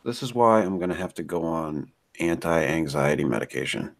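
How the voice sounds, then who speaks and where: A man's voice: extremely low pitch, lively intonation, normal speed. Man, podcast co-host, casual chat, profane, teasing, mock-dramatic, online call from home.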